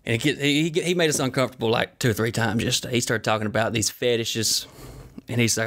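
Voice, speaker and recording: A man's voice: medium pitch, fairly even intonation, fast, a bit bright. A man hosting his own podcast, telling rambling, profane anecdotes with joking asides while sweaty and flushed. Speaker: podcast host. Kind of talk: casual solo storytelling.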